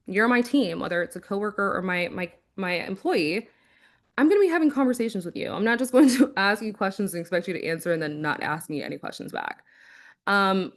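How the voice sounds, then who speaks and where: A woman with a mid-range voice talks through job-hunting advice in a relaxed, chatty way. She stays animated, often slips into quick acted-out quotes, and sounds like a former recruiter sharing what she has seen. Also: medium pitch. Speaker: former recruiter and career coach. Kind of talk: casual career-advice talk.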